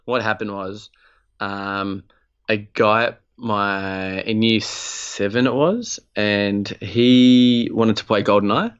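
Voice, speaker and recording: Young aussie dude ranting a story on a podcast, lowish voice, muffled lo-fi audio. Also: male voice, slow, clear, resonant tone. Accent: Australian. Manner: animated, swearing, acts out quotes with laughs. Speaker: podcast co-host. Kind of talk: casual storytelling chat.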